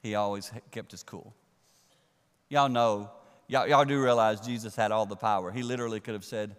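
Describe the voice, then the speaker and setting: A man's voice: on the low side, moderate pace. Man preaching in an echoing hall. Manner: animated, drops to a hush for emphasis. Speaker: pastor. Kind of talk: sermon. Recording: long reverb of a large hall.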